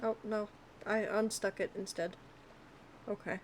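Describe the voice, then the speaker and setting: A woman's voice: medium pitch, level tone, unhurried, slight background noise. A woman live streamer giving casual gameplay commentary, chatty and talking to herself as she pleads with the game.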